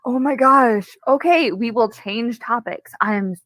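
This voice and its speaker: A woman's voice: a little high, measured pace, fairly bright tone, dry recording. A woman player in a tabletop game, wry and joking. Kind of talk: tabletop play banter.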